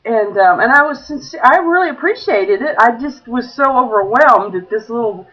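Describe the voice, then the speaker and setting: A woman's voice: on the high side, lively intonation, normal speed. A woman casually telling a story in a chatty vlog, laughing often as she talks. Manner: chatty, giggly, many laughs. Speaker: vlogger. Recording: dull lo-fi recording.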